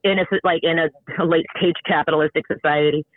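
A man's voice: fairly high pitch, steady tone, a little fast, no echo. Man on a tinny, phone-like line. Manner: filler-heavy, hesitant. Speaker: podcast co-host. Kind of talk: casual chat.

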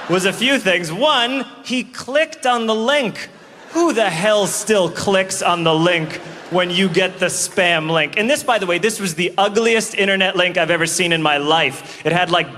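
A man performing a stand-up comedy set on stage, animated and acting out characters. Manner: animated, acts out characters in a high put-on voice. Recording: live stage recording in a reverberant hall with audience noise.

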